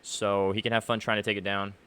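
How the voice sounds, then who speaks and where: A man gives gaming commentary straight to his audience in a ranting, aggrieved tone. His voice is bright and forceful, with a smooth, clean sound. It sits a little low in pitch. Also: level tone, fairly quick. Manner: aggrieved, ranting, many fillers. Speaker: gaming YouTuber. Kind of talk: commentary to camera. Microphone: face cam setup.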